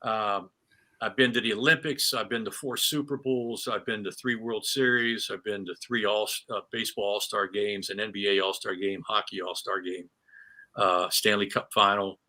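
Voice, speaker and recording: A middle-aged man with a sharp, bright tone spins animated anecdotes as a guest on an interview show. He talks casually, stumbling over restarts and fillers as he goes. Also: on the low side, normal speed. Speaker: retired sportscaster, guest.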